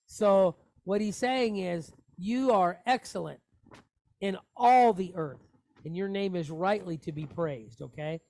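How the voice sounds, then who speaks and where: Slow, patient male Hebrew teacher. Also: high-pitched, darkish tone. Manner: patient, explains step by step with asides. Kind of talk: online Hebrew lesson.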